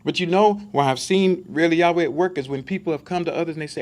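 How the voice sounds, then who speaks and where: High-voiced man preaching an emphatic sermon. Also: fast talker, a little mellow. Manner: emphatic, asks the listeners rhetorical questions. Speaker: Bible study preacher. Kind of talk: conversational sermon.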